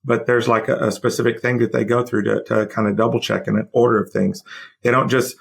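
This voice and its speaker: A man's voice: medium pitch, flat delivery, fairly quick, vocal fry. A man hosting a podcast who asks questions in a rambling way with lots of fillers. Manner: rambling, many fillers and restarts. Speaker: podcast host. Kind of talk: conversational interview.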